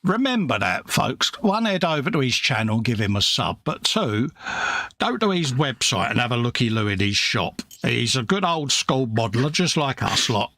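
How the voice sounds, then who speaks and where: Male co-host, gravelly, joking and rambling, dry close sound. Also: mid-range voice, sing-song, moderate pace, bright, forceful tone, no room sound. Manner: jokey, rambling banter with slang. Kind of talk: casual chat. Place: home workshop.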